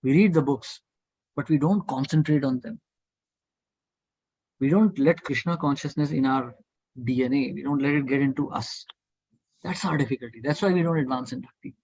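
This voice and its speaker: A man's voice: mid-range voice, moderate pace, long pauses, darkish tone, slightly rough, no echo, dull audio. A man leading a devotional scripture study class, urging listeners earnestly and repetitively to think and debate. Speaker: study group speaker.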